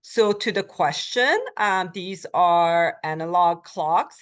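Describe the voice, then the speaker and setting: A woman lecturing as a Korean language instructor, explaining step by step with frequent ums and uhs and repeating phrases slowly for learners. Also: lowish voice, clear, resonant tone. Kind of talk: recorded college lecture.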